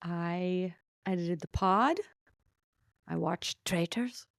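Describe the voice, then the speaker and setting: A woman from the US South co-hosting a casual podcast chat, playful and animated in her reactions. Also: lowish voice, very slow, gravelly, no echo, clean studio sound. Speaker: podcast co-host.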